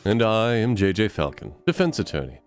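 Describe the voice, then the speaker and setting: A man voicing a polite, measured male bird defense attorney. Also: on the low side, huge pitch swings, faint music behind.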